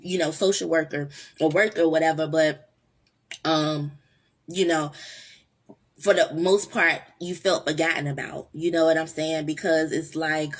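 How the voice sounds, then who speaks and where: A woman with a low-pitched voice, steady tone and measured pace hosts her own vlog. Her casual, heartfelt monologue is earnest and rambling, full of fillers and restarts.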